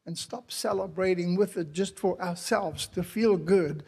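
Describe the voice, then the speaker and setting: Slow, animated male preacher. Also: high voice, gravelly, breathy edge. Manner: animated, swinging from quiet to loud cries; laughs often between lines. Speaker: missionary preacher. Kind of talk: sermon.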